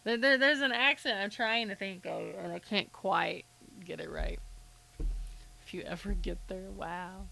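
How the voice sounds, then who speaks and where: A woman's voice: mid-range voice, steady tone, a little slow, creaky, heavy background noise. Chatty woman streamer reading a game aloud. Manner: chatty, self-commenting. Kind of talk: live let's-play, reading the game aloud. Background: loud game music.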